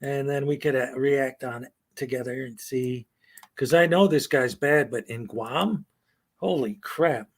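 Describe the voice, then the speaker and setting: A man's voice: medium pitch, unhurried. A middle-aged man giving rambling, opinionated live-stream commentary, full of fillers and short laughs. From United States.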